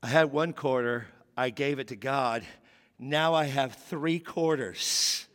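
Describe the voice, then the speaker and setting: A man in his fifties preaching a sermon, telling a childhood story with candid, animated quotes. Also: medium pitch, slow. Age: 50s. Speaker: pastor. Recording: long reverb of a large hall.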